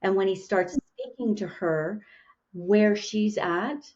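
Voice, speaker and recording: A woman's voice: mid-range voice, takes it slowly, a little mellow, highs cut off. A woman hosting an interview podcast, musing aloud in casual chat with frequent restarts. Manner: musing, with many restarts and fillers. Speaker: podcast host.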